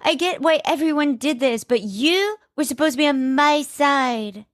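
A woman doing a hurt young woman, tearful, pleading, squeaky high, dry close sound. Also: normal speed, no room sound, close to an everyday voice.

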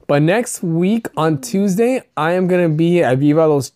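A woman's voice: on the low side, lively intonation, normal speed, mellow. A young woman hosting a podcast, telling stories in loose, profane casual chat with lots of laughter. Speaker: podcast host.

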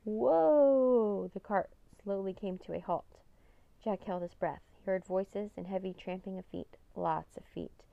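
A woman narrating an audiobook in a calm, steady storytelling manner. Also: lowish voice, moderate pace, vocal fry, phone-quality sound.

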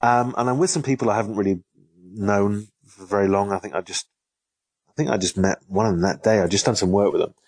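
Husky low-voiced storyteller. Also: male voice, fast talker, no room sound. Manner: lively storyteller, repeats and restarts phrases. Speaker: author and guest. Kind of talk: telling an anecdote in an interview.

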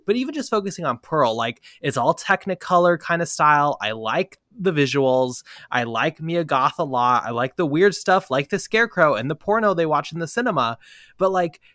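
A man's voice: fairly high pitch, expressive, normal speed, pushed and bright, no room sound, clean studio sound. A man chatting casually about a film, wry and opinionated. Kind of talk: casual film-review chat.

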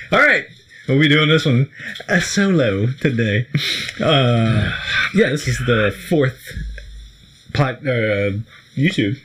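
A man's voice: medium pitch, lively intonation, slow pace, long pauses, a bit bright, slightly rough. A man co-hosting a podcast in casual, joking chat with a friend, laughing often. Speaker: podcast co-host.

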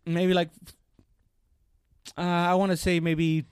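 A man telling a story in casual chat, animated and profane, acting out the people in it. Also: sits high, slow pace, clear, resonant tone, no echo, clean studio sound.

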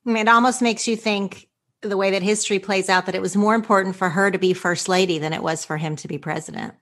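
A woman's voice: mid-range voice, fairly even intonation, a little fast, a bit bright. A woman hosting a podcast, wrapping up an interview and reading the outro with enthusiasm. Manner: enthusiastic, effusive. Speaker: podcast host.

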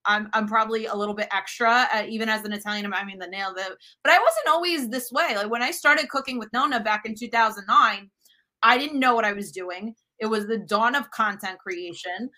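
Thirties woman, cooking show host as guest, bright and animated, laughs at herself. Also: on the high side, brisk. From United States. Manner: animated and self-deprecating. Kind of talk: casual interview chat.

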